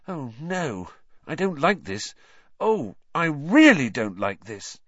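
A man's voice: on the high side, lively intonation, no echo, dull audio, voice pushed up. A man voicing an anxious, clever teenage schoolgirl who speaks tensely. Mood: tense worried. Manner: tense, worried, breathy quick.

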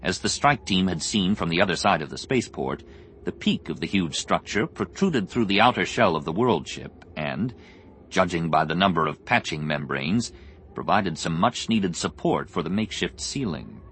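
A man narrating an audiobook in an expressive, measured storytelling voice, with music underneath. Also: low voice, a little hiss or hum. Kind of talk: scripted narration.

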